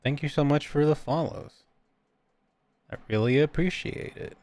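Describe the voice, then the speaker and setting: A man putting on an impression of a deep-voiced male video host, hammy and lowered, on a live art stream. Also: moderate pace, darkish tone, no room sound, lightly acted.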